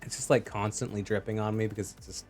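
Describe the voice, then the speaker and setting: A man's voice: lowish voice, little pitch movement, quick pace, a little mellow, faint music behind. A man casting a live esports match, chatty and joking as he reads out chat messages. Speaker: esports caster.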